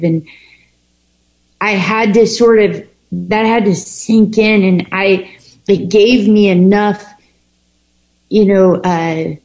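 A woman with a slightly low voice tells her own recovery story. She talks frankly and swears often. She stops, restarts and circles back as she goes. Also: creaky, a little mellow, rough recording. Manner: halting and frank, heavy swearing, many restarts. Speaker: person sharing a recovery story. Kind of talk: candid personal storytelling.

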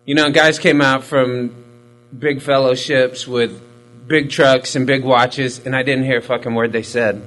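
A man's voice: medium pitch, steady tone, unhurried, a bit bright, poor audio. A man giving a candid, profane personal testimony in a rambling, self-mocking way, full of fillers. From Hispanic military family background. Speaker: recovery storyteller.

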